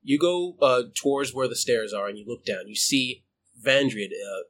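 A man narrates as game master in a tabletop game, his mid-range voice fairly bright, stumbling through frequent fillers and restarts.

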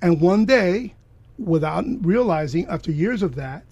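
A man from Miami, a guest telling a personal story with emphatic bursts of loud excitement. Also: sits high, unhurried, breathy edge, dry recording, muffled recording.

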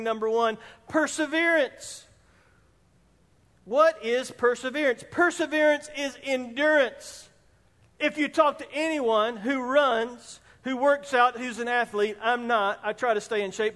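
A man preaching a sermon as pastor of a church, speaking emphatically and rising at times almost to a shout. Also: very high-pitched. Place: church sanctuary. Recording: long reverb in a hall.

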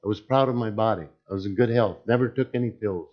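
Slow, deep-voiced man giving testimony. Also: lo-fi sound. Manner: slow, deliberate speech. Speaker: church deacon. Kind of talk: personal testimony talk.

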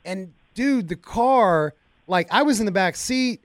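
High-voiced excitable male radio host. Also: measured pace, no room sound, clean studio sound. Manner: excitable, folksy, talks to listeners directly. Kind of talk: casual radio talk. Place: radio studio. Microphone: studio mic.

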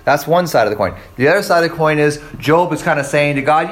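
A man's voice: fairly high pitch, expressive, fast, few pauses. A man preaching a sermon in a conversational way, often checking in with listeners and acting out the voices of the people he quotes. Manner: checks in with "right?" and "okay?". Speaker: pastor.

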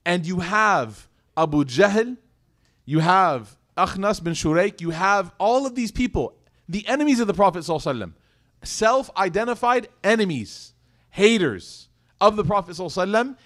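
A man giving a religious lecture in a casual, lively way, often asking the audience rhetorical questions and adding humorous asides. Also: high-pitched, a little fast. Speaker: Islamic lecturer.

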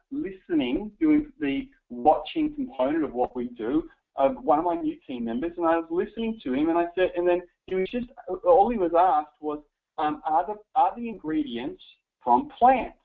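A man teaching a live audience how to close sales, coaching them directly with an animated manner. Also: high voice, moderate pace, vocal fry. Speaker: sales trainer. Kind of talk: live sales training talk. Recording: tinny phone-like recording. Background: audience present.

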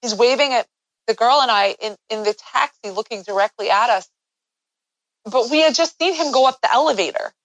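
A woman guest in an interview, telling a personal story in an earnest way that grows animated as she recounts events. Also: on the high side, fairly quick, dry recording, low-quality recording.

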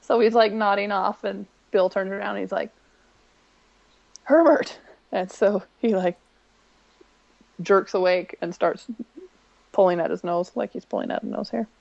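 A woman co-hosts a podcast, retelling a TV episode in a chatty, rambling way and popping her voice up to quote the characters. Her mid-height voice has a gravelly, fry-laced edge. The sound is dry and a little dull, like a home podcast mic. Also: medium pitch, steady tone, normal speed, dry recording. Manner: chatty retelling with many ums, quoting lines in a brighter voice. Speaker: podcast co-host. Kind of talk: casual recap of a TV episode.

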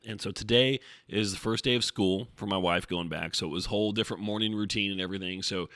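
A man's voice: on the low side, fast, few pauses, a bit bright, no echo, studio quality. A man hosting his podcast from home, chatting casually and enthusiastically with lots of fillers. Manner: rambling, enthusiastic, many fillers. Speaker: podcast host. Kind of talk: casual chat.

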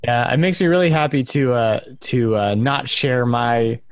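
A man with a middle-range voice who speaks in a relaxed, wry way. The recording is close and dry. He sounds easy-going. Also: mid-range voice, moderate pace, clear, resonant tone, no echo. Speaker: podcast co-host. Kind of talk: casual chat.

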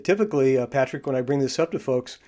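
A man's voice: mid-range voice, animated, darkish tone. A male podcast host who explains personality traits in a coaching tone, with frequent fillers and restarts. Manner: halting, many fillers and restarts. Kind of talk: casual interview.

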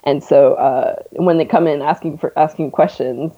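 This is a casual chat with a young Canadian interview guest who has a North American accent and laughs often between fillers. She sounds low and warm, with a steady tone and normal speed, though the audio is tinny, as if on a phone.

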